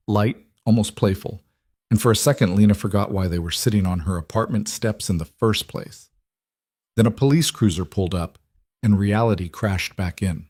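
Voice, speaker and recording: A man reading a story aloud as its narrator, in steady scripted narration. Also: lowish voice, breathy edge, no room sound, studio quality.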